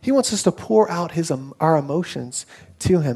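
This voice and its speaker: High-voiced lively man preaching. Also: normal speed, slightly rough. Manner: conversational, animated storytelling with acted quotes. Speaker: pastor. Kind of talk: sermon.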